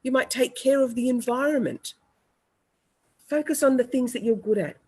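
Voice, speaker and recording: A woman, an EFT practitioner, leading a guided group tapping session with slow, repeated affirmations and coaching participants by name. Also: high-pitched, darkish tone, slightly rough.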